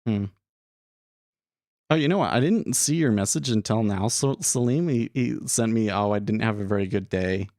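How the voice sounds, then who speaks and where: A man's voice: on the low side, normal speed, darkish tone, no room sound, studio quality. A young man casually talking through his trading day on a live stream, thinking aloud with frequent restarts and filler words.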